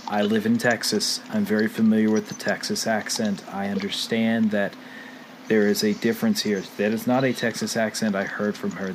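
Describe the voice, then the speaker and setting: A man's voice: on the low side, background noise. A man co-hosting a podcast in casual chat, ranting with exasperated complaints. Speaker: podcast co-host.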